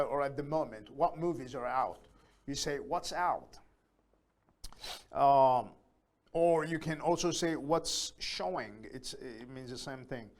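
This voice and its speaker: A man teaching a beginners' English lesson, speaking slowly and deliberately, repeating key phrases with many pauses and fillers. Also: medium pitch. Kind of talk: live online English lesson.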